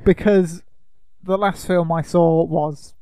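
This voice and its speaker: A man hosting a casual film podcast, teasing his co-host in a dry, deadpan way. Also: on the high side, slow, clear, resonant tone, dry recording.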